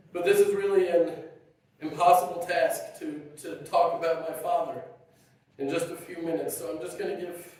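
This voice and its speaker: Guy giving a eulogy for his dad, halting and emotional, kinda high voice, far off and super echoey. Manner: halting and emotional, warm humor. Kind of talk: heartfelt funeral eulogy. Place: funeral gathering.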